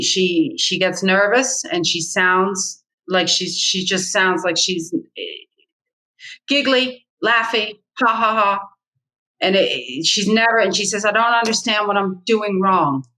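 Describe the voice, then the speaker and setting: Middle-aged woman, real estate agent guest, emphatic repeats, bright forceful voice, mid pitch. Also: poor audio. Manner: blunt, emphatic, repeats key points. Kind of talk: candid interview talk.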